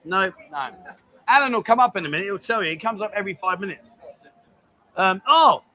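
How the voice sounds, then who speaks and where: A man's voice: high-pitched, animated, brisk, sharp tone, a little hiss or hum. A man hosting a casual livestream from a bar, teasing his guest and reading viewer comments aloud. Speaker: bar show host.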